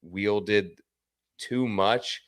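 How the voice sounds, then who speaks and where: A man's voice: lowish voice, very slow, no room sound, studio quality. A man co-hosting a casual golf betting podcast, explaining his views with confident, opinionated certainty. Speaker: podcast co-host. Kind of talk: casual sports betting chat.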